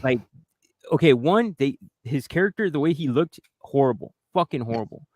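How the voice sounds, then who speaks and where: Male podcast co-host, middle pitch, dry mic, blunt and profane. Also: animated, moderate pace, a little mellow, no room sound. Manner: heavy swearing, blunt, irritated. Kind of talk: casual chat.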